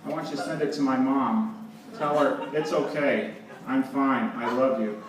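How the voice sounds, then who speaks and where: A man's voice: mid-range voice, moderate pace. A man giving a stage talk, telling wry anecdotes with frequent laughs. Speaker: presenter. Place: live event hall with audience. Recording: roomy, distant, with background noise.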